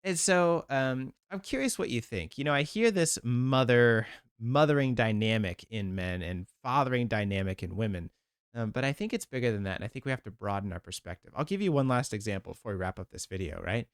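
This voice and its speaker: A man's voice: mid-range voice, expressive, a little fast, clean tone, no echo, studio quality. A man, a therapist, talking earnestly to camera and reacting to a podcast clip, livelier when retelling his own thoughts. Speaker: therapist hosting a video channel. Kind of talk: casual reaction commentary.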